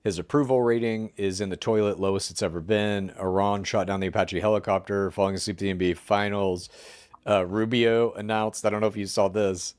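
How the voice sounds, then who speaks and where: Lower-voiced man hosting a podcast. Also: steady tone, fairly quick, a little mellow, clear, resonant tone, no room sound, clean studio sound. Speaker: podcast host. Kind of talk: casual podcast chat, news rundown.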